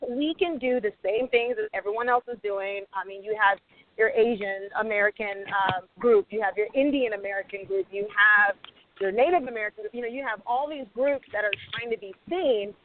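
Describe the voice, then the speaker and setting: A woman's voice: mid-range voice, a little fast, a little hiss or hum. A woman screenwriter on a radio panel, talking passionately and acting out bits of dialogue. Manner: passionate, animated, acts out quoted dialogue. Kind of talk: panel discussion. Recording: tinny phone-line sound, dry.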